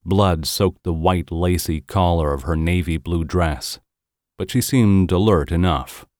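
Low-voiced guy reading an audiobook, slow and steady, dry close sound. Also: no room sound. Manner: measured, even storytelling. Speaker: narrator. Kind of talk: audiobook narration.

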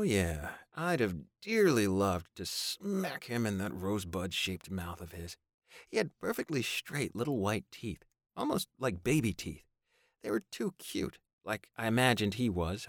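A man narrating a first-person story with a dry, sardonic wit. His voice sits low but moves a lot in pitch, and the recording is close and dry with no room sound. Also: no echo. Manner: wry, sardonic. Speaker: audiobook narrator.

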